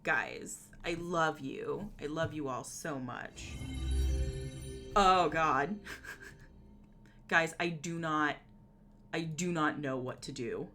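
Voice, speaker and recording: A woman's voice: deep voice, takes it slowly, long pauses, sharp tone, faint music behind. A woman streaming from home, chatting casually with her viewers, giggling often and rambling through lots of fillers. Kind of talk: casual live-stream chat.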